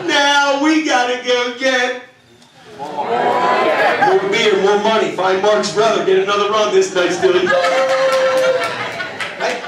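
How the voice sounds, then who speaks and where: A middle-aged man doing live stand-up comedy on a theater stage, loud and punchy, talking with the audience. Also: high-pitched, fairly even intonation, measured pace, pauses often, very echoey, distant mic. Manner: loud, punchy, crowd-working.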